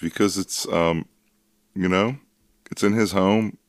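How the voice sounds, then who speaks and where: A man co-hosting a podcast, chatting casually and making wry, deadpan comments. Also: deep voice, slow, dry recording, clean studio sound. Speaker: podcast co-host. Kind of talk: casual chat.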